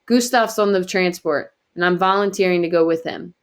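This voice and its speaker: A woman's voice: lowish voice, moderate pace, clear, resonant tone, natural voice. A woman reading aloud and voicing a headstrong young woman who insists on her choice. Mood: defiant. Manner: insistent and stubborn. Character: defiant young woman, headstrong older sister.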